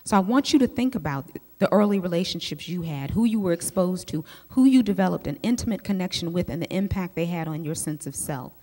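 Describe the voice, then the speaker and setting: A woman, a psychologist giving a teaching talk to a group of women, telling lively personal stories and speaking straight to her listeners. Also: lowish voice, a little fast, hardly any pauses. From United States. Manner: lively storyteller who speaks straight to the audience. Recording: long hall reverb.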